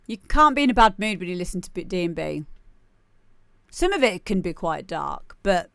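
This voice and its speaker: A woman's voice: fairly low pitch, very animated, normal speed, gravelly, no echo. Chatty woman hosting a show. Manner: chatty, jokey, bursts into loud shouts when mimicking. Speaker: radio show host playing listener demos. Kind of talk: casual live-stream chat.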